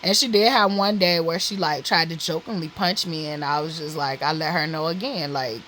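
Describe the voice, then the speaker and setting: A woman's voice: lowish voice, fairly quick, hardly any pauses, fairly bright tone, a little hiss or hum, rough recording. A woman vlogger telling a personal story candidly, blunt and profane, with lots of "like" and "literally" fillers.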